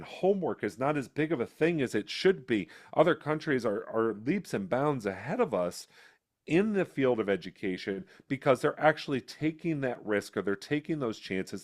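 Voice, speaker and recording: A man, a political candidate and former educator, answering interview questions and telling a long anecdote with acted-out voices. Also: mid-range voice. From United States. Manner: storytelling, acting out quoted voices.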